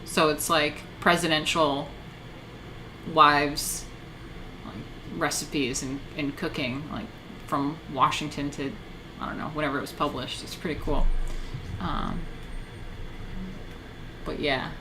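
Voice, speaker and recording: Low-voiced woman rambling on a stream. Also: fairly even intonation, takes it slowly, pauses often, noisy background. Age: 30s. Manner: rambling, swears, reads chat aloud. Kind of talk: casual live stream chat.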